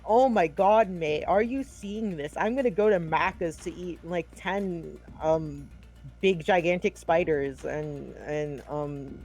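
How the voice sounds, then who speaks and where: A man doing a hammy, high-pitched impression of a chirpy YouTuber, over background music. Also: fairly even intonation, normal speed, gravelly, few pauses, close to an everyday voice. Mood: goofy. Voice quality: exaggerated, high, rambling. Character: hammy Irish-then-Australian YouTuber greeting, male.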